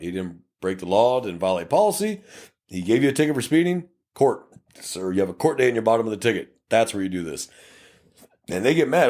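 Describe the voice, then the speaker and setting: Trading police stories on a podcast he co-hosts, this middle-aged Texan officer talks bluntly and swears freely. His fairly low voice jumps into fast, animated impressions, playing both angry drivers and cops during traffic stops.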